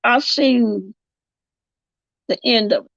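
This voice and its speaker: A woman's voice: a little high, gravelly, fairly bright tone, no room sound. A woman giving casual live-chat commentary, rambling and correcting herself as she goes. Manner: rambling, drawn-out, self-correcting. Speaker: livestream commentator. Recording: dull lo-fi stream audio.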